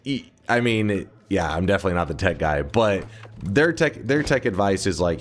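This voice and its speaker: Deep-voiced man rambling casually. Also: expressive, normal speed. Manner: rambling, profane storytelling. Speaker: gaming streamer. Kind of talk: casual chat.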